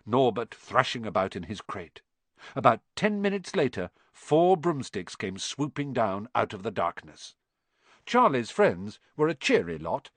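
A man reading an audiobook aloud, storytelling with animated inflection. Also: mid-range voice, dry recording. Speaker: audiobook narrator.

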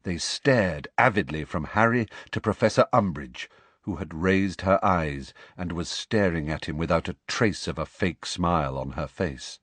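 A man narrating a novel in an expressive, dramatic storytelling manner. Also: low voice, a little slow, dry recording. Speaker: audiobook narrator.

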